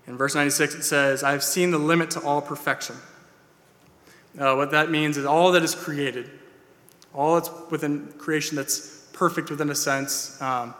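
A pastor addresses his church in a slightly high, fairly bright voice, keeping his intonation fairly even and his speed normal. His sermon is earnest and plain-spoken, broken by "uh"s and restarts. Long hall reverb from the sanctuary surrounds it.

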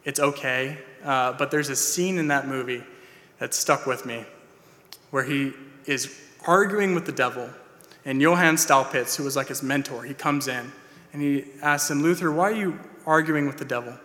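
A pastor addresses his church in its sanctuary, the long hall reverb trailing his words. His mid-range voice, pushed and bright at a moderate pace, stays earnest and plain, with "uh"s and restarts.

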